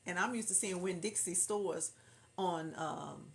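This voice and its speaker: A woman's voice: on the low side, unhurried. A woman from Houston with a Southern drawl, hosting a casual livestream, chatting and reading viewer comments aloud. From Houston, Texas. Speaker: livestream host reading chat. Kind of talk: casual chat.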